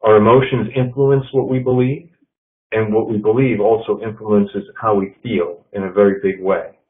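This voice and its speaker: A man giving a leadership presentation to an audience, measured and telling stories. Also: lowish voice, steady tone. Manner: measured, storytelling with quotes. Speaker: leadership speaker. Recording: tinny phone-like sound.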